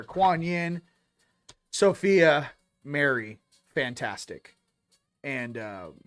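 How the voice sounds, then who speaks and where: A man's voice: fairly high pitch, a bit bright. A man hosting a casual spiritual card reading, joking and slangy with frequent laughs. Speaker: host of a spiritual reading show.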